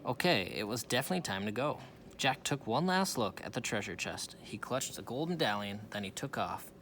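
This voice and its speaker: A man's voice: lowish voice, fairly bright tone, a little hiss or hum. A man reading a children's storybook aloud, with small slips he corrects as he goes. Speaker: reader.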